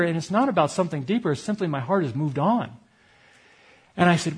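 A man's voice: fairly high pitch, fairly quick, breathy edge. A middle-aged man from Connecticut preaching a sermon, telling a personal, confessional story with quoted dialogue. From Connecticut, USA. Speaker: pastor.

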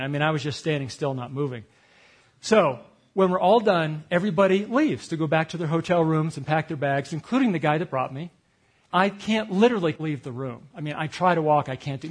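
A man preaching a sermon through a personal story, acting out what others said and laughing at himself as he goes. His voice sits a little high for a man and has a husky edge. He shifts between lively, punchy moments and quieter reflection. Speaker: speaker at a retreat.

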